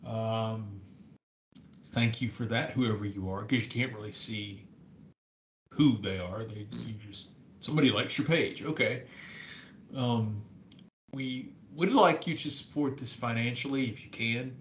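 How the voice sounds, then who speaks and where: A man's voice: a little slow, pauses often, muffled recording. A man from the American South co-hosting a podcast in casual chat, rambling through his stories with lots of restarts and ums. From Southern United States. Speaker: podcast co-host. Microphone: desk microphone. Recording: echoey room with faint rumble.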